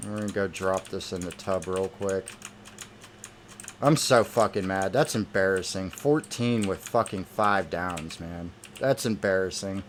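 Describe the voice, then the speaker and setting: Low-voiced man ranting through gameplay. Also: unhurried, a little hiss or hum. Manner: irritated, heavily profane ranting. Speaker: gamer. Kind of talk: gameplay commentary.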